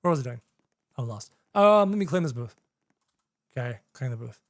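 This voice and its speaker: Young adult streamer, live game commentary, chatty, repeats phrases, lively up-and-down voice, dry close sound. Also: mid-range voice, normal speed, dry recording.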